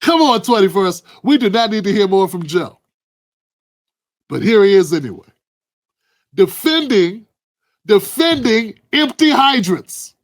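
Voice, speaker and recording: A man's voice: sits high, big pitch swings, unhurried, pauses often. A man hosting heated political commentary, blunt and emphatic with profanity.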